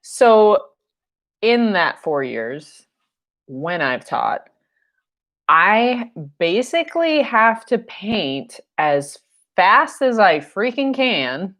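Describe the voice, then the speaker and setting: A woman's voice: medium pitch, sing-song, drawn-out words, fairly bright tone. A young woman teaching a painting class on a live stream, chatty and jokey, often laughing at her own asides. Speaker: paint night instructor.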